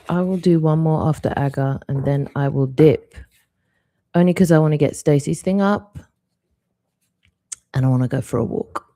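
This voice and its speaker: Deep-voiced woman giving a soft card reading. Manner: soft, reflective, unhurried talk. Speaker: card reader hosting a live stream. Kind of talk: live-stream intuitive reading.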